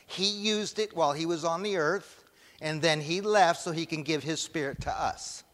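A man's voice: a little high, moderate pace, fairly bright tone. A man preaching a sermon, emphatic, putting questions to the congregation and waiting for their answers. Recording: long hall reverb.

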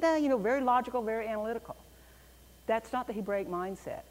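Lady teaching bible class, lively and emphatic, echoey long reverb room. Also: on the high side, quick pace. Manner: animated, emphatic explaining.

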